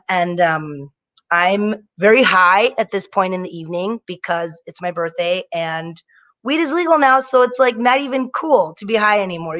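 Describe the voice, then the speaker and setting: A young woman performing a stand-up set over a live video stream, telling stories in an animated way and slipping into mocking voices. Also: medium pitch. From Indian family. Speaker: stand-up comedian.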